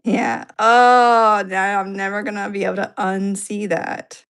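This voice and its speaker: A woman co-hosting a casual chat, unhurried, teasing and easily amused. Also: mid-range voice, flat delivery, fairly bright tone, smooth. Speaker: co-host.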